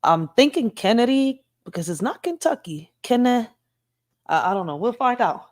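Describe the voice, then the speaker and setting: A woman's voice: a little high, sing-song, normal speed. A woman hosting a casual news reaction show, talking bluntly with swearing and laughing asides. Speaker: host.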